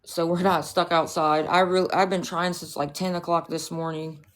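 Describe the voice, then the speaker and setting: A woman's voice: lowish voice, flat delivery, normal speed. A woman livestreaming, talking back to her chat in a profane, confrontational, scolding rant.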